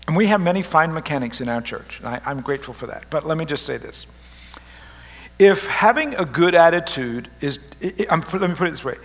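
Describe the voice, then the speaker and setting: A middle-aged pastor delivering a lighthearted sermon in church, his voice pitched high for a man. He jokes and teases the congregation with animated, playful delivery. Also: fairly quick. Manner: joking, animated, teasing the congregation. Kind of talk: humorous sermon. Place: church service.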